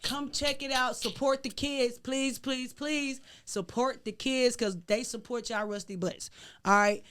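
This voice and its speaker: A woman's voice: fairly high pitch, steady tone, a little slow, fairly bright tone. A woman hosting a podcast, talking in a joking, teasing, easygoing way. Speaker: podcast host. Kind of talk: casual interview chat.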